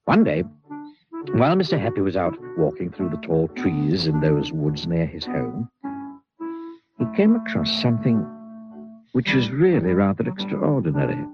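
Man reading a children's story expressively. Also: low-pitched. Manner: expressive, drawn-out emphasis. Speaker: audiobook narrator. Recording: muffled recording with soft music.

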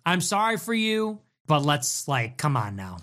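A man hosting a livestream, reacting to chat messages in a sarcastic, mocking way with quick swings in tone. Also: fairly high pitch, sing-song, a bit bright. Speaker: livestream host.

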